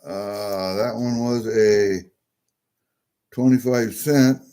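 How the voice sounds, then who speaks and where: Drawing out his words in a lowish, dark voice, a coin-collecting vlogger does a casual unboxing. He shows the coins from the package he just opened, chatting happily and muttering to himself.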